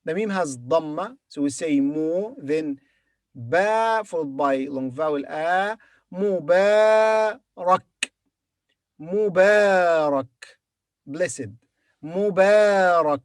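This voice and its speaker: Slow, patient male Arabic teacher. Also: on the high side, animated, dry recording, clean studio sound. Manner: patient, repeats each word slowly for learners. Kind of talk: beginner language lesson.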